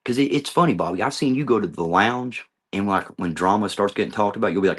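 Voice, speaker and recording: A man's voice: lowish voice, animated, quick pace, hardly any pauses. A middle-aged man ranting heatedly at people he names, confrontational and swearing often, in a video monologue. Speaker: vlogger.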